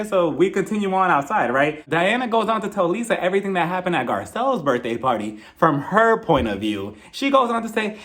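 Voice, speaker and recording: A man with a high, bouncy voice that swoops all over as he recaps reality TV. He is sassy and snarky and laughs often at his own jokes. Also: very animated, fairly quick, hardly any pauses, a bit bright. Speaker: TV recap reviewer.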